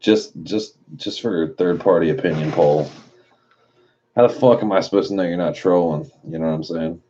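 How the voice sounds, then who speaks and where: Very deep, dark-voiced man streaming late at night. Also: normal speed, lo-fi sound, a little hiss or hum. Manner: loose, profane, reads chat messages aloud and riffs on them. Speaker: live streamer reading chat.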